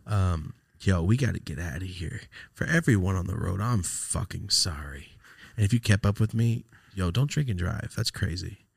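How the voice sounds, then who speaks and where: Casting: young guy, podcast host, lively swooping delivery, swears a lot, casual. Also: moderate pace, gravelly, slightly rough. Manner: animated, profane storyteller doing squeaky high impressions. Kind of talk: casual chat.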